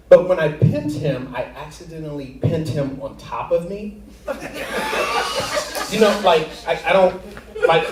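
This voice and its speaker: A man's voice: on the high side, a little mellow, reverberant, distant mic. A man doing stand-up comedy, telling a rambling story and laughing at his own jokes while acting out friends and family. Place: comedy theater stage.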